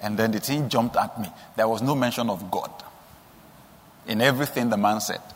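A male preacher delivering a sermon, telling stories and asking rhetorical questions, with sudden high emphatic rises. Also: moderate pace, in a large hall.

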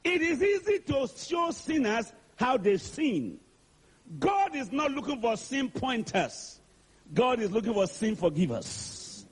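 A male preacher with a very high, husky voice delivers a sermon with lively swings in pitch. He hammers repeated questions at his listeners and calls on them to answer back. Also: slow. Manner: call-and-response, urging the congregation to answer; repetitive, rhetorical questioning.

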